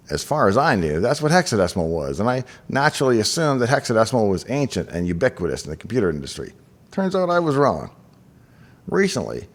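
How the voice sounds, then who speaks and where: A man hosting a scripted explainer, telling the story with enthusiasm and chatty asides. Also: on the low side. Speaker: host.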